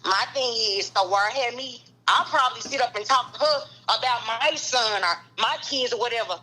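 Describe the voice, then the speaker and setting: A woman's voice: on the high side, a little fast, sharp tone, faint music behind, poor audio. A woman in her thirties confronting a friend in a heated podcast argument, angry and profane. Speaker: guest.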